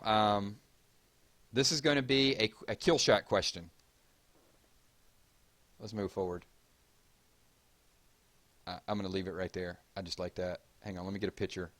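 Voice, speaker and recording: Male livestream host, Southern drawl, a bit low-pitched, casual and talkative with chat. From Georgia, US. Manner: chatty, reads chat aloud and gives shout-outs.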